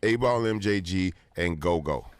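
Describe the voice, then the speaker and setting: A middle-aged man, a guest on a podcast, talking in measured, thoughtful casual chat. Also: low-pitched, lively intonation, dry recording. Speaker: guest rapper.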